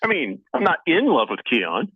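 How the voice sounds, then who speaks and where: A man hosting a casual sports radio show, reading listener messages aloud in a jokey, lively way. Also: fairly high pitch, slightly rough, dry recording. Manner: jokey, lively, talks fast in spurts. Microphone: phone line into the studio. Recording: tinny phone line, dry.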